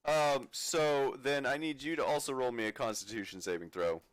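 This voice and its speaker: A man running a tabletop game as dungeon master, relaxed and laughing often. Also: medium pitch, moderate pace, no echo.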